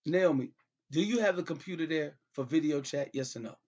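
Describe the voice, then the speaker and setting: A man's voice: fairly high pitch, lively intonation, a little fast, darkish tone, lo-fi sound. A middle-aged man hosting a comedy show, talking as a father on a call in a pleading, repetitive, exasperated way.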